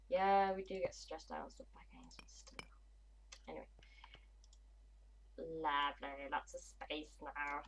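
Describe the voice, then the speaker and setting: A woman's voice: sits low, expressive, unhurried, pauses often, a little hiss or hum, rough recording. A woman, chatting casually and bluntly on a gaming livestream. She swears freely and mutters to herself as she plays. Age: 20s. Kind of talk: casual livestream chat while playing.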